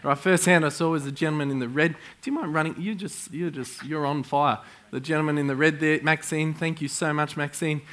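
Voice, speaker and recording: A middle-aged man preaching to a church crowd, his voice bright and forceful and pitched a little above the usual male register. He tells stories with excitable energy, chuckling often as he talks. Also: fairly quick. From Australia. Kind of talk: sermon with storytelling. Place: church in front of a congregation.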